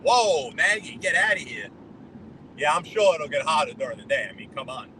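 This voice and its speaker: Driving on the road, a man from New York greets his live-stream viewers by name and chats casually, rambling from one thing to the next amid traffic noise. His slightly high voice has lively intonation, a moderate pace and a sharp tone, and the audio is poor.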